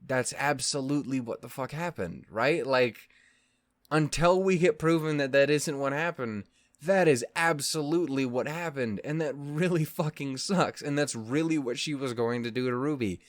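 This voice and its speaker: Man, reaction host, emotional, lots of swearing, stumbling restarts, mid pitch, dry close sound. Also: normal speed, no echo. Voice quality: voice actor's expressive delivery. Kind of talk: casual reaction commentary.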